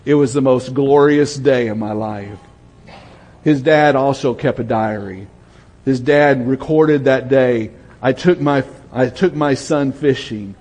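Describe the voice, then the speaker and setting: An older Southern pastor delivers a storytelling sermon in a husky, slightly breathy voice. His words ring out with a long hall reverb, as from a church sanctuary. He drops to a quiet hush when the story turns tender. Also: mid-range voice, measured pace. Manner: storytelling, drops to a soft hush for emotional moments.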